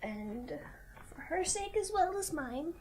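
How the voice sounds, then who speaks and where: A woman's voice: very high voice, sing-song, takes it slowly, a little mellow. A woman hosting a casual art livestream, chatting along and firmly telling a kitten no. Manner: chatty, firmly scolding a kitten between remarks. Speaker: livestream host. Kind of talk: casual livestream chat while drawing.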